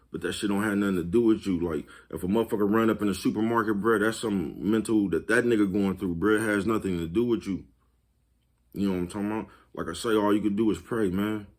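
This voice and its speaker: A male vlogger with a lowish, darkish voice talks fast in a steady tone. He's chatting casually to the camera for his viewers, laid-back and repetitive, laughing at his own jokes.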